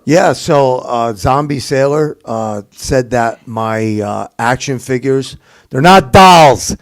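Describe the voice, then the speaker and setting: Casting note: gravelly middle-aged man, mid pitch, laid-back chat. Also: takes it slowly. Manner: repeats the question aloud, thinks before answering. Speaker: co-host, former wrestler. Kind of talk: casual podcast chat.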